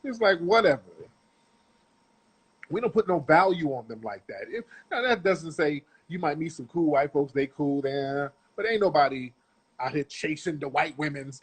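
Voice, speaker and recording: A man's voice: a little high, husky. A middle-aged man giving blunt, profane, lecturing commentary on a video clip.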